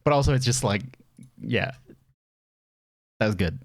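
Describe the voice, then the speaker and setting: A man's voice: mid-range voice, animated, a little slow, no echo, studio quality. A young man with an Irish accent chatting casually on a stream, rambling and laughing at himself. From Ireland. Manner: rambling, self-deprecating, laughs often. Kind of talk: casual chat reviewing community submissions.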